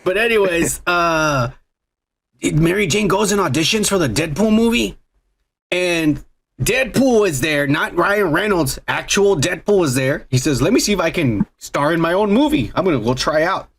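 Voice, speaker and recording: A man's voice: on the high side, lively intonation, normal speed, fairly bright tone, slightly rough. A man hosting a podcast, telling a crude, rambling story full of swearing and "uh" fillers. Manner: rambling, profane storytelling with frequent "uh". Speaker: podcast host. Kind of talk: crude casual chat.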